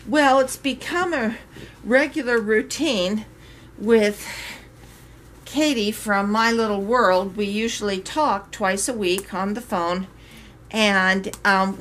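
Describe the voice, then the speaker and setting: Slow, chatty older woman telling a story. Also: mid-range voice. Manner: chatty, animated retelling with quoted voices. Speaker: reborn doll maker vlogger. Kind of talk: casual storytelling to viewers.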